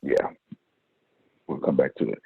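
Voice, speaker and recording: A man's voice: unhurried, dry recording. A man coaching his team in a live online meeting, emphatic and fond of repeating phrases for effect. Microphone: video call. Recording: dry, tinny phone-like call audio.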